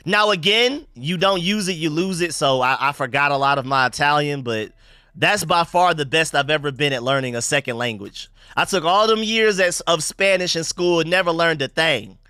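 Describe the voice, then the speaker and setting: A young American man hosts a live sports stream, loosely chatting with slang, rambling with restarts, and reading viewer comments. His voice is a little high and sharp, at normal speed, with clean studio sound and no room echo.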